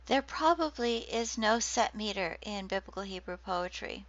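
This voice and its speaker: A woman giving a recorded lecture on poetry, speaking deliberately and reading quoted verse slowly. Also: medium pitch, expressive, a bit bright, no room sound. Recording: dull lo-fi dry recording.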